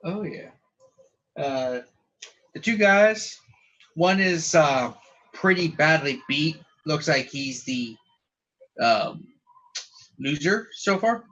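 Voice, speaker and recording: A man's voice: fairly high pitch, lively intonation, slow pace, long pauses, a bit bright, dull audio. A man running a tabletop game as game master, narrating in a casual, rambling way.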